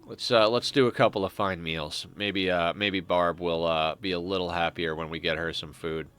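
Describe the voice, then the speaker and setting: A man's voice: sits low, steady tone, normal speed, fairly bright tone, clean tone. A man streaming a strategy game, thinking aloud in a rambling, casual way with frequent restarts. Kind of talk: casual gameplay commentary.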